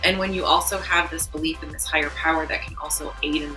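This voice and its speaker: A woman's voice: low voice, steady tone, fast, over music, poor audio. A woman co-hosting a podcast, talking earnestly in a casual spiritual chat and telling a vivid story. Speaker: podcast co-host.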